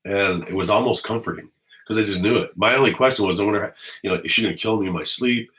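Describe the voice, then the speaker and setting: A middle-aged man from the Los Angeles area, speaking in a deep, low register. He is a former police officer telling stories to the camera from home, and his talk is blunt and full of swearing. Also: fast talker, fairly bright tone, poor audio. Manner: blunt and heavily profane. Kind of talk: casual storytelling to camera. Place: at home indoors.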